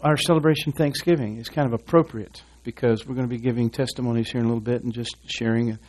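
A man's voice: mid-range voice, steady tone, fast, a little mellow. A man preaching a sermon in a church, rambling and folksy with asides and restarts, reading scripture aloud to his congregation. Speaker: pastor.

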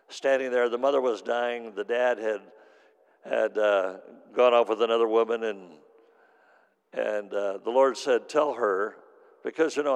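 A middle-aged man preaching a sermon as pastor, telling stories and swinging from hushed to loud. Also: medium pitch, clean tone. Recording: long hall reverb.

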